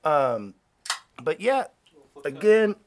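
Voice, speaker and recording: A man's voice: on the high side, big pitch swings, drawn-out words, a little mellow, slight background noise. A man hosting a podcast in a studio, rambling and joking with plenty of swearing. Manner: profane, jokey, rambling. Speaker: podcast host. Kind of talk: casual rambling chat.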